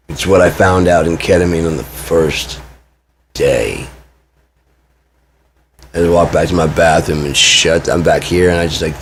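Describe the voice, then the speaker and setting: Deep-voiced man venting raw and profane. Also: measured pace, pauses often, slight background noise. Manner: raw, agitated, profane storytelling with frequent restarts. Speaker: vlogger. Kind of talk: emotional personal monologue.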